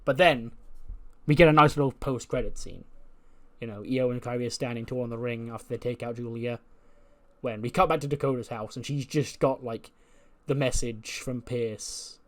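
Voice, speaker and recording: A man casually recapping storylines from a wrestling management game. He tells it chattily with frequent fillers and gives animated play-by-play of the matches. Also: mid-range voice, moderate pace.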